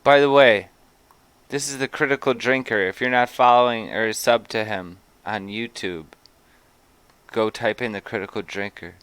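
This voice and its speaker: Chicago guy hosting a reaction stream, crisp tense voice, jokey asides, dry close sound. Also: medium pitch, steady tone, normal speed, a bit bright, dry recording. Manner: jokey, interjects short quips and laughs. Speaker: live-stream host reacting to a video. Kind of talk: casual reaction commentary.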